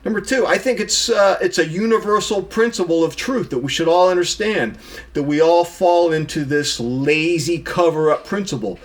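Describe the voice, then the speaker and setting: A middle-aged man with a somewhat high voice delivers a self-critical monologue straight to camera. He talks emphatically, berating himself and jumping up in pitch when he mocks his own excuses. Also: moderate pace. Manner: emphatic, scolds himself by name in sudden pitch swings. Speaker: vlogger.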